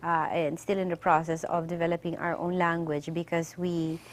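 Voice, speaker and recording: Brisk Filipino woman TV host. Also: lowish voice. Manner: energetic, quick code-switching questions. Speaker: TV news program host. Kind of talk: studio interview, mixing Tagalog and English.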